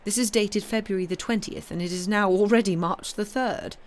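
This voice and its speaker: A woman's voice: mid-range voice, moderate pace, voice pushed up, lightly acted. A woman reading aloud, voicing an aging king who is wry and commanding. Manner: imperious, teasing.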